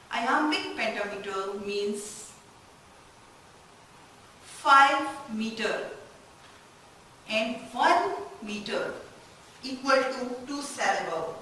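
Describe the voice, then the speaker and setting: Woman lecturer, slow and halting, questions the class; heavy room echo. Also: mid-range voice, a bit bright. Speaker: literature lecturer. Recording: very echoey room, distant mic, faint noise.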